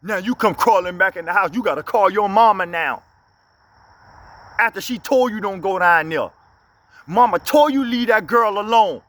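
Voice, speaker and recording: A man preaches into his phone from inside a vehicle. He speaks in a with a high-pitched voice. He fires off blunt, scolding rhetorical questions. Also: fairly bright tone. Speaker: inspirational speaker. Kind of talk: motivational preaching monologue.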